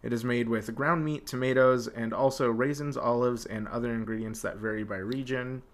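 A man co-hosts a relaxed podcast, chatting with a friend. He tells stories with plenty of energy and laughs often, his voice sitting at an average pitch. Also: normal speed. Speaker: podcast co-host. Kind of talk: casual podcast chat. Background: dog whining.

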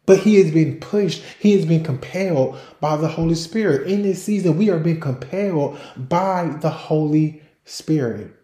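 A man's voice: fairly high pitch, moderate pace, few pauses, warm tone, echoey room. A man hosting a faith podcast, preaching in an emphatic, repetitive way and restarting phrases as he builds his points. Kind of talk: sermon-style podcast talk.

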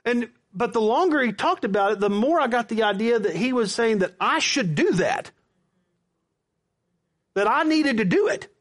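A man's voice: very high-pitched, sing-song, normal speed. A man preaching a sermon, telling a personal story with quoted back-and-forth dialogue. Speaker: pastor.

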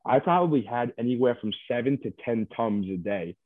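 A man's voice: mid-range voice, expressive, a little fast, no echo. A man who was a reality show contestant, chatting casually and rambling loosely with lots of fillers as he is interviewed over a call. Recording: dry tinny phone line.

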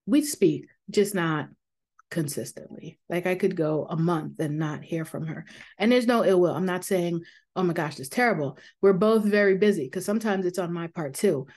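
Woman podcaster chatting about her life, slightly low voice, open and reflective, lots of ums and little laughs. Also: normal speed. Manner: candid, reflective, with frequent fillers and soft laughs; calming voice for guided meditations. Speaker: podcast host. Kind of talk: casual personal podcast talk.

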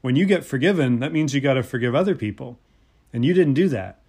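A man's voice: medium pitch, lively intonation, quick pace, a little mellow, husky. A man preaching, briefly voicing a stern king who passes judgment in a blunt, firm way.

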